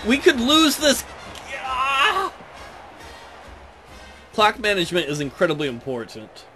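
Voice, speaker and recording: High, lively voice of a ranting man. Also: a little slow, over music. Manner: frustrated, ranting. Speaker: gaming commentator. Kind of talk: let's play commentary.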